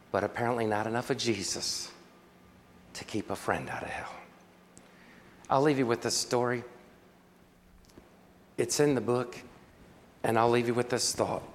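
A man's voice: mid-range voice, normal speed, long pauses, in a large hall, a little hiss or hum. A man preaching a sermon to an auditorium, telling a story with dramatic flair and calling out for amens. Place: large auditorium.

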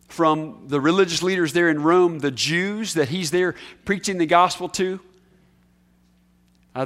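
A male preacher with a high voice delivers a sermon in a conversational way, often turning to ask the listeners questions. He leans hard on key words, then drops to a near hush to let a point land. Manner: emphatic, swings from raised highs to hushed lows.

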